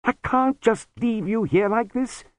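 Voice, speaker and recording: A man's voice: sits high, animated, a little slow, dry recording, dull audio, pitched above the performer's own voice. A man reading aloud, voicing an earnest, shaken young male apprentice. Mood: determined.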